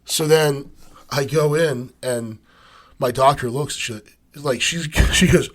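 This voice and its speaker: A man's voice: mid-range voice, slow pace. A man co-hosting a casual podcast who tells long stories full of fillers. He acts out what the other people said as he goes. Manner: storytelling, acts out quotes, many fillers. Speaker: podcast co-host. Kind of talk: casual chat.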